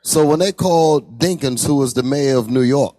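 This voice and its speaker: A man's voice: medium pitch, normal speed, warm tone, no echo. A man co-hosting the class, chiming in with short agreeing remarks. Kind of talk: casual chat in class.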